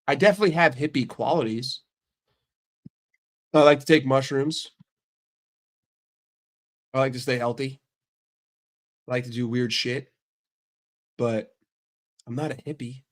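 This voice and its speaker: A man's voice: mid-range voice, a little slow, pauses often. An American man chatting casually on a livestream, his voice stuffed up from a cold. He is brash and profane, firing back at chat with mock outrage. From United States. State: sick with a stuffy nose. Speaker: streamer answering chat.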